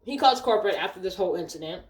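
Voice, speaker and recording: A woman vlogger telling a casual, animated storytime in a blunt, profane way. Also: on the low side, racing. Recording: roomy echo.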